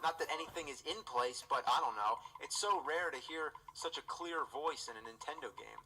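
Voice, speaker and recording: An actor playing a foul-mouthed, exasperated game critic, ranting incredulously through a scripted comedic review. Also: male voice, fairly high pitch, normal speed, bright, forceful tone, a little hiss or hum, rough recording.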